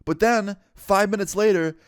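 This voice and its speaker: A young man telling a casual, profanity-laced story-time vlog in an animated way. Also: high voice, normal speed, clear, resonant tone, no room sound, clean studio sound. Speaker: vlogger.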